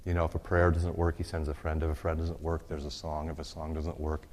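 A man preaching a sermon, earnest and exhorting, who slowly repeats a prayer in a voice that trails off softly. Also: a bass voice, monotone. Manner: earnest, exhorting, with quick asides. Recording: long hall reverb.

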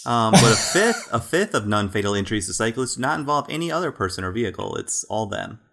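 A man's voice: medium pitch, very animated, fast, gravelly, fairly bright tone. A man co-hosting a comedy podcast, reading out facts with dry jokes. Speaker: podcast co-host. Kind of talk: casual chat, reading facts aloud.

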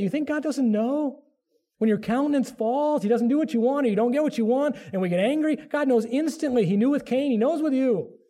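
A man's voice: high-pitched, dark tone. A middle-aged man preaching a sermon as pastor, earnest, sometimes acting out the voices of biblical figures.

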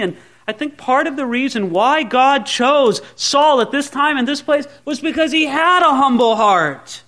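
A man's voice: very high-pitched, expressive, unhurried, hardly any pauses, fairly bright tone. A male pastor preaching a sermon, acting out the lines of biblical characters.

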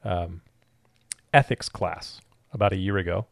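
A man co-hosting a casual podcast, playful and quick to joke. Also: deep voice, fairly even intonation, creaky, no echo. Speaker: podcast co-host.

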